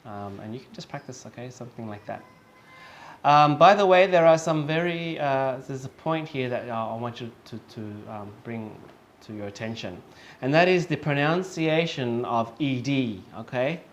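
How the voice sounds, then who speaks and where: A man teaching English, speaking slowly and patiently, repeating example words several times and checking in with "okay?" often. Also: medium pitch, expressive. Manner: slow and patient, with many fillers and checks of "okay?". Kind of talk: online lesson.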